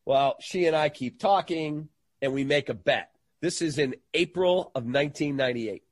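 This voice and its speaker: A middle-aged man recounts a story as a guest, throwing himself into it and mimicking everyone he quotes. His voice is husky and slightly rough at the edges. The sound is dry and close, with no room around it. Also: fairly high pitch, normal speed, no echo. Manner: animated storyteller who acts out quoted voices. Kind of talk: storytelling in an interview.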